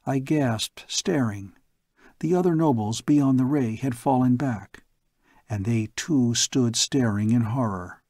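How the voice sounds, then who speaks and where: A man narrating a pulp science fiction story aloud in a slow, measured storybook reading. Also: medium pitch, a little mellow, dry recording, studio quality. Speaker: audiobook narrator.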